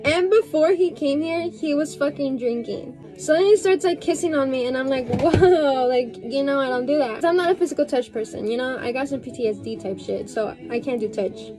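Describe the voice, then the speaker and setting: A woman's voice: high-pitched, warm tone. A young woman casually telling a story while getting ready, chatty, filling her talk with "like" and frequent swearing. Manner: chatty, heavy use of "like" and swearing.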